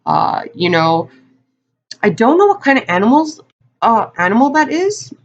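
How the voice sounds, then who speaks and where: A woman's voice: on the high side, sing-song, moderate pace, lo-fi sound. A woman giving a casual tarot card reading to her viewers, talking in a chatty, rambling way with lots of fillers and asides. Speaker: tarot reader.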